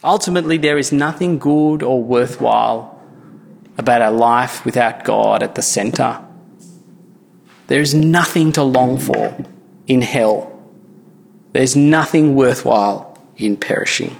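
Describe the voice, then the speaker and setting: A man's voice: mid-range voice, a little slow, creaky, long pauses. A man, preaching a sermon as pastor in an earnest, conversational way with frequent restarts. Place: church. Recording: church hall with long reverb.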